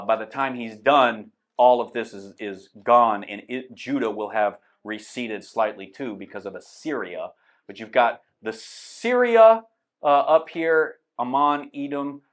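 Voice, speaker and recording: Man teaching a church Bible class. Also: mid-range voice. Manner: conversational, explains with a map, many fillers.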